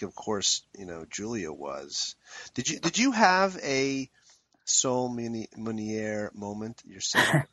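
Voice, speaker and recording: Wry low-voiced male interviewer. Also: sharp tone. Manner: vivid, descriptive, wry. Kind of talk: interview conversation.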